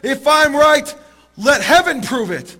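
A man voicing an old sage who shouts out in frustration. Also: extremely high pitch, expressive, takes it slowly, pitched above the performer's own voice, heavily acted. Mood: desperate. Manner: shouting, pleading. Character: frustrated great old male sage, insistent.

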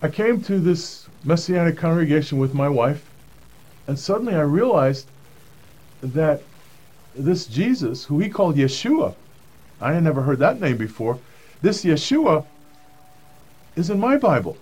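A man's voice: a little high, very animated, a little slow, pauses often, darkish tone, slightly rough. A man telling a personal faith testimony in an earnest storytelling manner, acting out the voices of the people he quotes. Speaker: speaker giving a personal testimony.

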